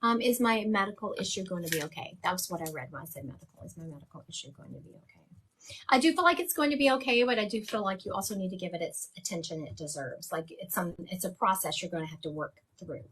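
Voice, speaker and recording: A woman's voice: fairly low pitch, expressive, fast talker, few pauses, a bit bright, slight background noise. A woman hosting a live stream as a psychic medium, chatting casually and laughing at herself.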